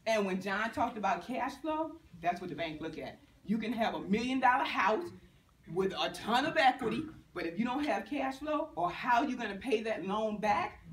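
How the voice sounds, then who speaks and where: A middle-aged woman banker from Virginia gives a motivational talk to students, quick to laugh and to act out the people she quotes. Her voice sits fairly high. She sounds distant from the mic in an echoing lecture room, with a faint hiss underneath. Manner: lively, laughing, acts out quotes. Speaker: banker and guest speaker.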